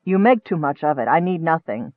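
A man reading a storybook, voicing a humble, shy young male healer cleric in a low, hesitant way. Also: lively intonation, a little fast, no echo. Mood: subdued. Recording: dry, phone-like narrow sound.

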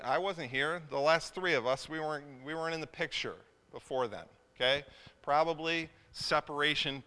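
Preaching a sermon, a male pastor with a fairly high, bright and forceful voice tells a family story loosely and conversationally, full of fillers and restarts. The recording has long hall reverb.

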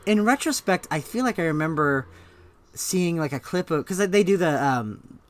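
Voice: mid-range voice, expressive, moderate pace. A podcast co-host chatting casually, rambling and laughing while reviewing a sketch. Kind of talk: casual comedy review chat.

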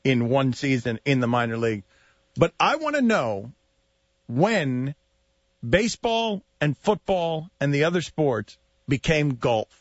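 A man's voice: medium pitch, very animated, a little slow, dry recording, highs cut off. A male sports radio host in studio banter, incredulous and mocking, firing off questions.

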